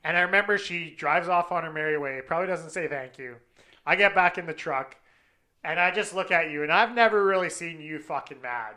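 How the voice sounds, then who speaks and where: A man with a bright, slightly raised voice tells a story in casual chat. He swears constantly and acts out what people said. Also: a little high, a little fast. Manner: swears constantly, animated retelling with acted quotes.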